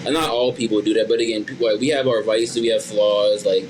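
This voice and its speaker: A lower-voiced man gives his opinions straight, in loose slang, as a podcast co-host. Steady background noise sits under his voice. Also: quick pace, low-quality recording. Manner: blunt, slangy, says "bro" and "you know what I'm saying". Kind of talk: casual chat.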